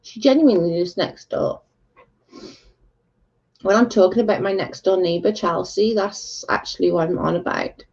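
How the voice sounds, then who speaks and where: A woman chatting on a livestream and answering viewer comments, blunt and a little sweary. Her voice is mellow and gravelly with plenty of fry. The sound is dull and lo-fi. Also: lowish voice, normal speed, long pauses. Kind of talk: casual chat. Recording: dull lo-fi recording.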